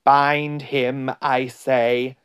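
A man voicing a cruel, triumphant female witch in a storybook reading, with a shrill, commanding and mocking delivery. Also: little pitch movement, extremely slow, a bit bright, clean tone.

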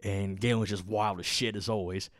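A man's voice: on the low side, fairly even intonation, a little fast, no room sound, studio quality. A young man hosting a podcast, telling a long rambling story with lots of swearing and filler words. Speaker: podcast host. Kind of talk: casual storytelling.

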